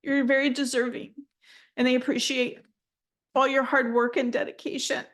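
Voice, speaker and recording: A woman channeling messages for people in a live intuitive reading, speaking gently and heartfelt, often moved to emotion. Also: flat delivery, normal speed. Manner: speaks in flowing, high, invented-sounding syllables at times. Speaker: spiritual channeler giving readings.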